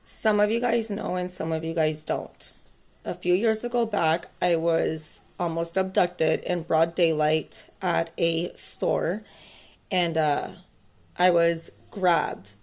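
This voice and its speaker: A woman's voice: fairly low pitch, steady tone, slow pace, creaky, a little mellow. Rambling, defiant woman telling her story. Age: adult, mother of two boys. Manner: rambling, with frequent "um" and "like", intense and defiant. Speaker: tarot vlogger. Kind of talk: emotional personal storytime to camera.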